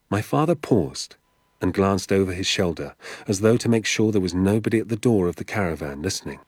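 A man narrating a children's novel as an audiobook, with a measured storytelling delivery. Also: low voice, expressive, a little mellow, husky, dry recording, clean studio sound. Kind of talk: scripted narration.

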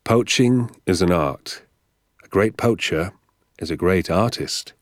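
A man doing a gentle, confiding father. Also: low-pitched, no room sound, studio quality. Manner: slow, hushed confiding.

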